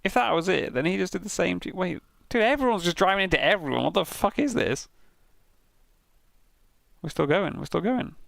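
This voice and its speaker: A man's voice: sits high, animated, normal speed, vocal fry, pauses often, fairly bright tone, no echo, studio quality. A British man streaming, giving casual, sweary commentary with frequent laughs as he reviews racing crash clips. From Britain.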